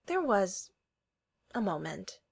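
A woman's voice: mid-range voice, very animated, normal speed, fairly bright tone. A woman voicing a wry, evasive young woman who keeps a pet dragon, teasing and sarcastic in tone. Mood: wistful. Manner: playful, sarcastic deflecting.

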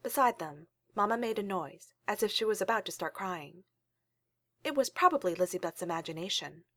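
A woman reading a story aloud in a calm, steady storytelling manner. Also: medium pitch, normal speed, no echo. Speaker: reader.

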